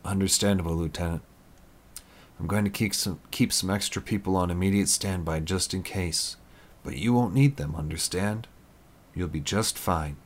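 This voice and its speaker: A man voicing a grieving male military commander who speaks quietly and steadily. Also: sits low, normal speed. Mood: steady.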